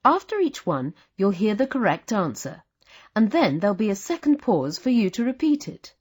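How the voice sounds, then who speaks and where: A woman narrating a language lesson with a clear, patient teaching delivery. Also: medium pitch, big pitch swings, normal speed, a little mellow. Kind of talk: scripted instructional narration.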